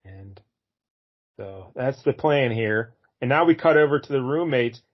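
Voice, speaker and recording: A man talks through a comic's story in an easygoing podcast chat, wry and unhurried. His voice sits in a middle range. The recording has a slightly dull, lo-fi sound. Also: medium pitch. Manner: relaxed, wry, recaps plot with quick quoted lines. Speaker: podcast co-host. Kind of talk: casual comic review chat.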